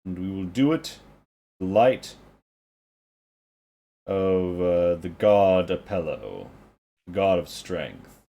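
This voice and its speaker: A man voicing a solemn male priest who claims to see all, speaking slowly in grave, archaic phrases. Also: deep voice, expressive, vocal fry, warm tone, heavily acted.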